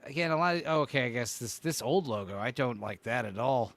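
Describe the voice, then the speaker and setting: A man's voice: mid-range voice, animated, a little fast, a bit bright. A man hosting a casual podcast chat, swearing freely and reacting offhand to what he's looking at. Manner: profane, offhand, reacting to logos. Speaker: podcast host.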